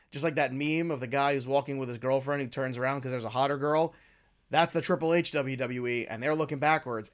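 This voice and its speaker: A man hosting his own talk show, giving opinionated, rambling commentary with lively swings in pitch and loudness. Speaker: podcast host. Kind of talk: casual wrestling commentary.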